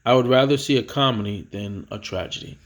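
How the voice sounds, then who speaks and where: A man teaching a vocabulary lesson, reading words and definitions aloud in a casual way, with fillers and self-corrections. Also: fairly quick. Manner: reads each headword louder and higher, then drops to explain.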